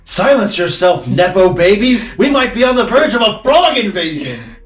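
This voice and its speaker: Man doing a superstitious blustering warrior, fairly high voice, dramatic, echoey room. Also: big pitch swings, moderate pace, faint music behind. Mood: ominous. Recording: roomy echoey sound.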